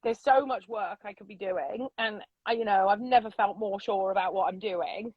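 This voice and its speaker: A middle-aged woman telling stories as a guest, loud and unapologetic in how she talks. Her voice sits at an ordinary pitch, and the sound is dry and a little dull, like a remote call. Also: normal speed, husky, dry recording. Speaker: podcast guest. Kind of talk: casual interview chat. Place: vintage bus.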